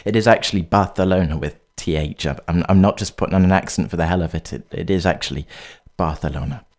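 A man's voice: low voice, quick pace, darkish tone. A man hosting a light-hearted news segment, reading stories and adding joking asides with stumbles and fillers. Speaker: host.

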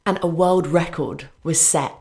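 A young British woman speaks with a slightly low pitch and lively delivery. She tells stories eagerly and fills the gaps with little ums. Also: measured pace. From Britain. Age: young adult. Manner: animated storytelling, frequent fillers. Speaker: guest, student athlete. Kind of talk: casual radio chat.

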